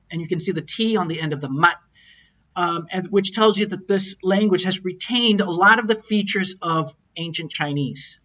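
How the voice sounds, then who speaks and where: A man's voice: sits high, pushed and bright. Man lecturing on tones, lo-fi sound. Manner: patient, explanatory, sounds out tones as examples. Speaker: language teacher. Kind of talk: online lecture over slides. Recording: dull lo-fi audio.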